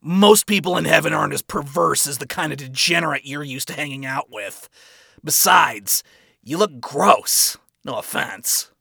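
A man's voice: fairly high pitch, expressive, moderate pace, creaky, sharp tone, husky, no room sound, clean studio sound, full character voice. A man voicing Adam, a crude, boastful male angel, brash and mocking in a fan fiction reading. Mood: dismissive.

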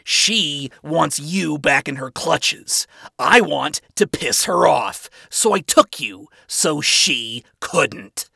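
Man putting on a crude boastful angel, rough gravelly voice, slow drawl, fan fiction reading. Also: on the high side, expressive, pushed and bright, dry recording, clean studio sound, full character voice. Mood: mocking. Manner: brash, crude and mocking.

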